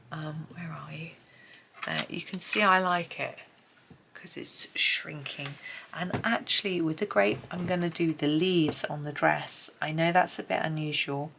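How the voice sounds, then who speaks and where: Low-voiced british lady chatting away while she colours, bit of vocal fry, faint hiss behind. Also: rough recording. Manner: chatty, soft-spoken, drifts into murmured asides. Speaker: colouring video creator. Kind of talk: casual narration while colouring.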